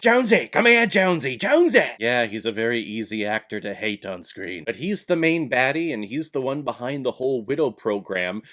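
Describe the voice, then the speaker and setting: A man giving a casual, enthusiastic movie review, his voice jumping up in pitch now and then. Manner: enthusiastic, animated with sudden jumps in pitch.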